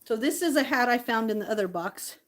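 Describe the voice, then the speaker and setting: Woman, home vlogger, higher voice; casual chatty delivery, a bit teary, frequent laughs. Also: animated, brisk. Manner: chatty, laughs often between lines. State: tearful. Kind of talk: casual chat to camera.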